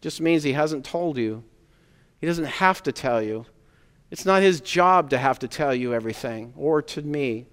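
A man preaching a sermon as pastor to his congregation, earnestly building emphatic points and then dropping to a quiet tone. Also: fairly high pitch, lively intonation, normal speed, clean tone. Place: church sanctuary. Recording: long hall reverb.

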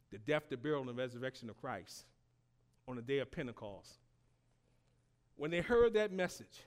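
A male preacher delivering a sermon in slow, emphatic phrases, calling on his congregation to answer him and rising to shouts. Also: fairly high pitch.

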